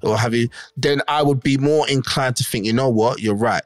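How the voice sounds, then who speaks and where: A man's voice: mid-range voice, moderate pace, no echo. A middle-aged man talks in casual podcast chat, emphatic and insistent. He keeps checking that his co-host follows him. The voice sits close and dry, with faint music underneath.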